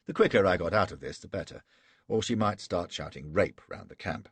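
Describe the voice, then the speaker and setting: A man's voice: low-pitched, very animated, brisk, vocal fry, slightly rough, no room sound. A man narrating an audiobook in the first person, in a wry, sardonic storytelling manner.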